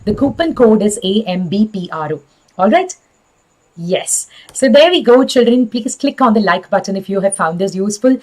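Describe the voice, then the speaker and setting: A woman in her thirties with an airy, breathy voice, chatting warmly with her students as an online teacher. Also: mid-range voice, lively intonation, normal speed, poor audio. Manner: friendly, addresses children, laughs often. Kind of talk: live class sign-off chat.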